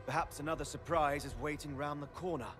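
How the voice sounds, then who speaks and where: An actor playing a dutiful, courteous rescue officer in a game, speaking formally with a wry edge. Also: male voice, on the high side, steady tone, fast talker, fairly bright tone, natural voice. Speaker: game character. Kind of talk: game voice acting. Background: faint game music.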